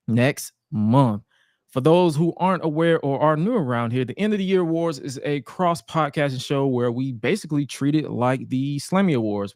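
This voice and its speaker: A man's voice: mid-range voice, no echo, studio quality. A man hosting a wrestling and sports podcast live, talking in a laid-back, slangy way and calling out to his listeners. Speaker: podcast host. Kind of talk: casual sports podcast chat.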